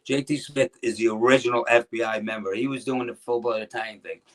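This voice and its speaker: This New Jersey man, a middle-aged ex-pro wrestler, is a guest swapping old tales in an easygoing interview. He speaks fast in an average male middle pitch, meandering and restarting lines while slipping into the voices of people he quotes.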